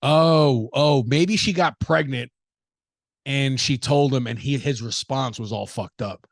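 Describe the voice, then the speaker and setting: A young man from the United States riffs solo on his podcast, swearing freely and firing off joking rhetorical questions. His middle-pitched voice carries a gravelly fry, and the sound is close and dry. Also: takes it slowly, dry recording. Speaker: podcast host. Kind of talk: casual solo riffing.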